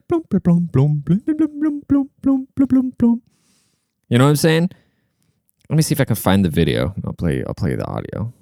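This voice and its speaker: A young man's low voice, close and dry, rambles through a sarcastic, profane rant. His pitch swings widely as he talks, and the tone stays smooth and clear. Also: a little mellow, dry recording. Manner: looks things up mid-talk. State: short of breath at times. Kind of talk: casual rant.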